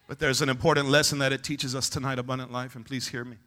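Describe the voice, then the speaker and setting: A man pastor preaching an impassioned sermon at a church service and shouting to the congregation for a response. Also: mid-range voice, flat delivery, quick pace.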